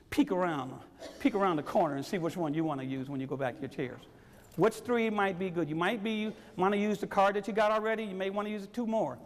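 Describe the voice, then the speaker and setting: A motivational speaker with a voice that sits high urges on a live audience at tables in a large meeting room, his sound filling the big space. He is exhorting and repetitive, calling again and again for energy.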